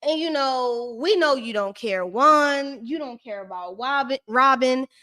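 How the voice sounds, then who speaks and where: On a live stream, a woman with a high, lively voice recaps a reality show in loose, chatty commentary. She's sassy and shady, ranting at the people on screen, and keeps a measured pace.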